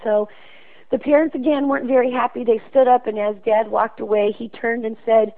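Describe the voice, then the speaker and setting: A woman's voice: a little high, steady tone, fairly quick. Woman telling a story over a tinny phone line. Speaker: school principal calling in.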